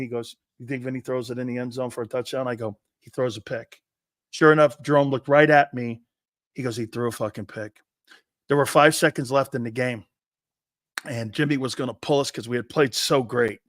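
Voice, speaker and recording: An older man, a former college football player, co-hosting a sports talk show and telling stories with loud acted-out quotes and plenty of swearing. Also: mid-range voice, dry recording, clean studio sound. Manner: excitable, profane, acts out quotes loudly. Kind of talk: animated sports talk and storytelling.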